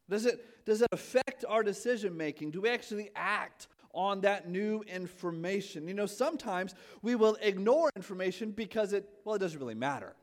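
A male pastor in his thirties giving a casual, self-deprecating sermon, asking the congregation questions and swinging from quiet asides to loud emphatic points. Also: sits high. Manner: chatty, self-deprecating, asks the audience questions.

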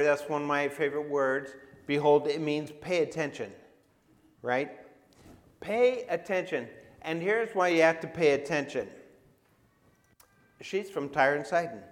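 A man with a higher-leaning voice preaches in a large hall. As a pastor, he keeps his sermon conversational and repeatedly asks his listeners questions.

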